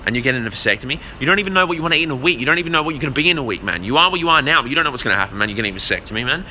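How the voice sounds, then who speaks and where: A man with a very bright, cutting voice rants bluntly to his live chat, dropping swear words and calling everyone "man" and "brother." He stalls on repeated words as he hunts for the next thought. A faint hum runs under him. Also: medium pitch, animated, very fast. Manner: repeats words while searching for them. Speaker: livestreamer answering chat. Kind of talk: casual rant to a live audience.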